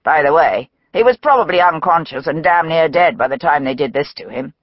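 A woman voicing a brisk, cheerful middle-aged male police surgeon, wry and matter-of-fact, for an audiobook. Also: sits low, animated, no room sound, lo-fi sound.

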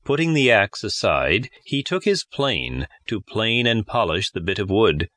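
Expressive man reading a storybook. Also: on the low side, measured pace, dry recording, clean studio sound. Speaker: audiobook narrator. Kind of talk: scripted storybook narration.

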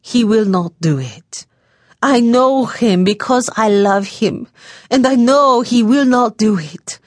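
A woman's voice: medium pitch, lively intonation, slow pace, darkish tone, slightly rough, dry recording, clean studio sound, exaggerated voice. A woman voicing a heartbroken, headstrong young daughter who pleads through tears and drops into whispers. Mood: tearful. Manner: tearful, pleading, breaking into whispers.

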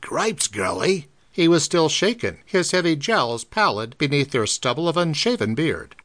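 Guy reading an old pulp story, super animated, voice goes up and down a lot. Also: fairly high pitch, moderate pace. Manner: dramatic, expressive reading. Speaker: audiobook narrator. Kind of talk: scripted narration of pulp fiction.

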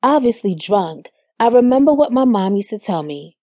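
A young adult woman reading a first-person story aloud with measured storytelling. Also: a little high, lively intonation, mellow, no room sound. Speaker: audiobook narrator. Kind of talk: first-person scripted narration. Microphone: studio microphone.

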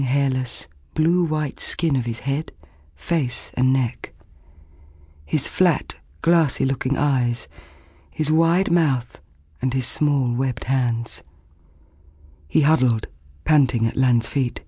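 A woman narrating a children's fantasy audiobook in a measured, expressive storytelling manner, recorded close in a studio. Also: rumbling low, slightly rough, no room sound. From Australia. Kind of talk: scripted narration.

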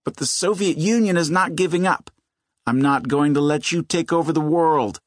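A man voicing a boastful twelve-year-old boy who shouts playful threats at his friend. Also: on the high side, normal speed, no room sound, studio quality, voice pushed up, close to an everyday voice. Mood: playful bluster.

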